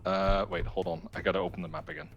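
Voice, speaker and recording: A man playing in a tabletop role-playing session, talking in a relaxed, hesitant way with frequent fillers. His voice sits fairly low. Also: fast talker, muffled recording, soft background music. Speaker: player. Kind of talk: tabletop game chat.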